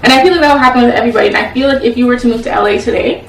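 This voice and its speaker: A woman's voice: fairly high pitch, rapid-fire, gravelly, slight background noise. A woman, co-hosting a casual relationship chat over a meal, chatty and full of "like" fillers. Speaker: co-host of a couple's channel. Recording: echoey room, mic at a distance.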